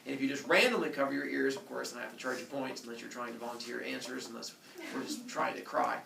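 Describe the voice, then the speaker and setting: A man's voice: medium pitch, steady tone, fast, gravelly, noisy background. A man teaching a middle school class, joking and teasing his students as he goes. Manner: playful, teasing. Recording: echoey classroom from far off.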